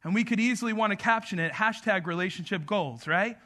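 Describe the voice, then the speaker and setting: A man's voice: sits high, a little fast, pushed and bright. A man in his thirties from New Mexico preaching a sermon as pastor, in a casual, chatty way, telling stories with jokes. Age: 30s. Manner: casual, chatty, joking storyteller.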